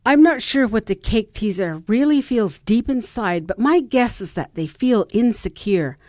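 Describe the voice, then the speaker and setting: A woman's voice: fairly high pitch, animated, measured pace, darkish tone, no echo, studio quality. A middle-aged woman reads a personal story aloud in a reflective way and acts out the people she quotes. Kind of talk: personal essay reading.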